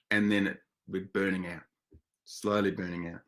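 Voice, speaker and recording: A man with a very low voice presents a webinar in a relaxed, conversational way. He sounds enthusiastic and chatty, often pausing and restarting his sentences as he goes.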